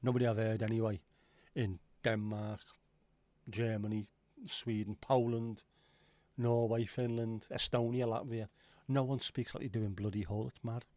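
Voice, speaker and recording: A man's voice: on the low side, little pitch movement, normal speed, darkish tone, dry recording. Jokey man chatting on a dry mic. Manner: rambling, jokey, swears casually. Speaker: livestream host. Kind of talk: casual chat reading viewer comments.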